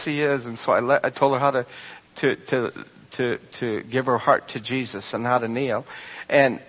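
A man preaching, telling testimony stories to a congregation, swinging from loud bursts to hushed lines. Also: medium pitch, slightly rough. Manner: storytelling, animated with sudden loud bursts and hushed drops. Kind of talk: sermon testimony. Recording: dull lo-fi sermon recording.

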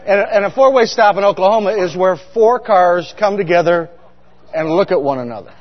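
Here a middle-aged pastor with a high-pitched voice speaks a little fast. His sermon mixes humor and stories, and he chats with the congregation, frequently asking them questions. Sound quality is dull, with a long reverberant hall.

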